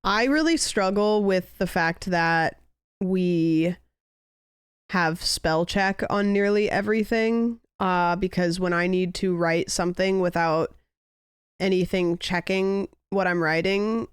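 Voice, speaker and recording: A woman's voice: fairly low pitch, slow, smooth, dry recording, studio quality. A young woman streamer in casual chat, rambling and musing aloud with lots of "like" fillers.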